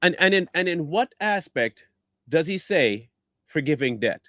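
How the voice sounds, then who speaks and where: A scornful man delivers commentary with a voice that swoops up and down in pitch. He speaks bluntly, hammers his points with repeated rhetorical questions, and the recording is dry and close. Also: lively intonation, a little slow, pushed and bright, no echo. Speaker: online commentator. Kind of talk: combative reaction commentary.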